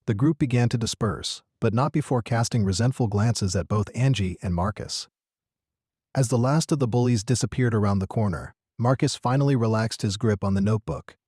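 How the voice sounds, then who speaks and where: A man narrating a scripted story in a steady, earnest manner. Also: fairly low pitch, fairly quick, slightly rough, dry recording, studio quality.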